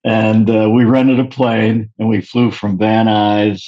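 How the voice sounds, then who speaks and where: Low-ish guy swearing and spinning long stories, kinda muffled lo-fi audio. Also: little pitch movement, dark tone. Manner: fast, wordy and profane. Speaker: comedian guest. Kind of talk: casual chat, storytelling.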